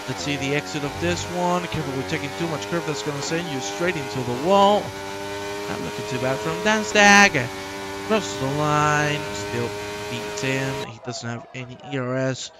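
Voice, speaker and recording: Excitable male sim racing commentator. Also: a little high, moderate pace. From Manchester. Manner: excitable, joking, chats with co-host and chat. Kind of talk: live race commentary. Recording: background race car engine noise.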